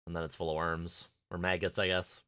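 A young man co-hosting a podcast, talking casually with many fillers and quick laughs. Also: deep voice, little pitch movement, sharp tone, smooth, no room sound. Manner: rambling, lots of "like", quick laughs. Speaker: podcast co-host. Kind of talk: casual chat.

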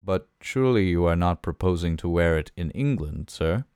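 A man's voice: deep voice, lively intonation, moderate pace, a little mellow, clean tone, dry recording, studio quality, pitched below the performer's own voice. A man doing a stiff, disapproving valet. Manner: clipped, deferential, disapproving. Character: formal, imperturbable middle-aged male valet. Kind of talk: audiobook reading.

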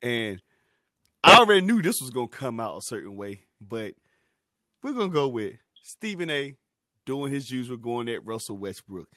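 A young man hosts a casual sports podcast and talks loosely with plenty of fillers. His voice sits at a middle pitch and sounds dry and close. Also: moderate pace, dry recording. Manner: animated, loose and conversational with many fillers. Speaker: podcast host.

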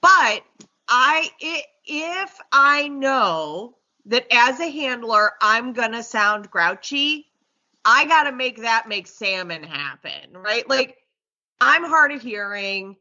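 A woman's voice: a little high, lively intonation, takes it slowly, pushed and bright, dull audio. A woman, a dog trainer chatting casually and animatedly, acting out the voices of dogs and owners. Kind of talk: casual podcast chat.

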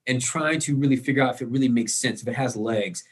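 A man's voice: mid-range voice, fast, husky. A man, a fashion guest on a podcast, speaking earnestly with some restarts. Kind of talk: casual interview chat.

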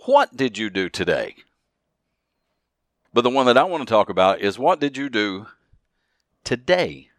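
A man hosts a solo motivational podcast, speaking earnestly and leaning hard on repeated key phrases. His voice is on the low side with a fairly bright tone, recorded cleanly in a studio with no room sound.

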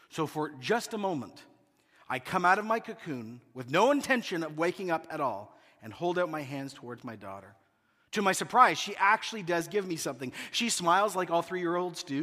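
Pastor, man in his thirties, high bright voice, humorous animated sermon storyteller, long hall reverb.

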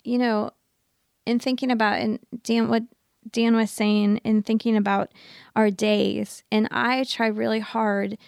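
A woman's voice: a little high, level tone, unhurried, creaky, dry recording, studio quality. A woman co-hosting a faith podcast, speaking earnestly and in a rambling way with many restarts. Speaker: podcast co-host. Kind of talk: casual faith discussion.

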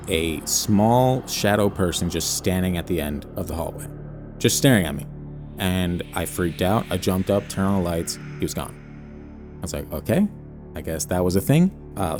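Low-voiced man telling a rambling story. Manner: rambling, hedging with many fillers. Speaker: podcast co-host. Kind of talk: casual storytelling chat.

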